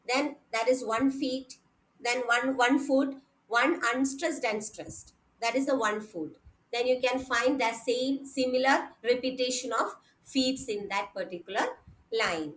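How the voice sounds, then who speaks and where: A woman's voice: high voice, lively intonation, measured pace, fairly bright tone, poor audio. A woman giving an online lecture, explaining step by step, repeating points and checking in with her students.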